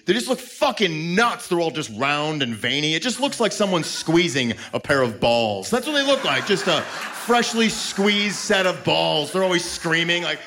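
On a comedy club stage before a live audience, a man with a fairly high, sing-song voice does a crude stand-up set into a handheld mic. He talks at normal speed with hardly any pauses, brash and prone to sudden yelps. It's a live club recording with a noisy room.

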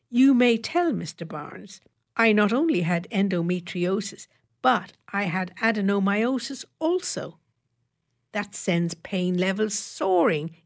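A woman reading the part of a sharp-tongued beautician in her fifties, with dry, pointed delivery and sudden emphatic lifts. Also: mid-range voice.

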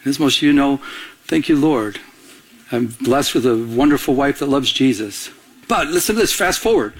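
A middle-aged man preaching a sermon, telling personal stories in an animated way and often repeating words as he restarts. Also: mid-range voice, moderate pace. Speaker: pastor.

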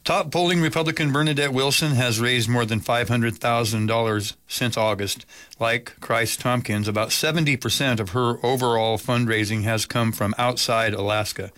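A man reading radio news as the anchor, in an even, measured delivery. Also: mid-range voice, dry recording. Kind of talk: read news bulletin.

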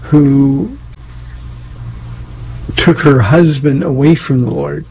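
A man co-hosting a casual faith chat, speaking in a measured, reflective way. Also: medium pitch, mellow, slightly rough, low-quality recording. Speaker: co-host.

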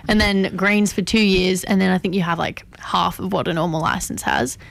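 A young Australian woman in casual radio chat, quick to react and chatty. Her voice has a noticeable gravelly fry, and the recording is close and dry with no room sound. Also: fairly low pitch, fairly even intonation, dry recording. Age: young adult. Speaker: radio co-host.

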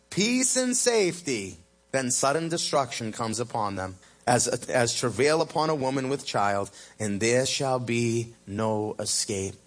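A male pastor preaching a sermon at a church service, swinging between loud emphatic peaks and low hushed lines, and stretching key phrases out slowly. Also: lively intonation.

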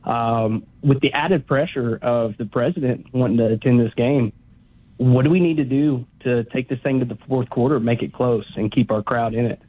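A man's voice: mid-range voice, moderate pace. Polite male caller over a phone. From Northeast Tennessee. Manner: polite, hesitant, many "um"s. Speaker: radio caller. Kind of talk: polite call-in question. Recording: tinny phone line.

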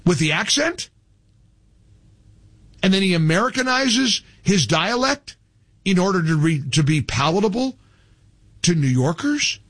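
A man's voice: sits high, very animated, measured pace, long pauses, a bit bright, dry recording. Emphatic talk radio host, a man. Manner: emphatic, repetitive, scornful. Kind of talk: opinionated talk radio monologue.

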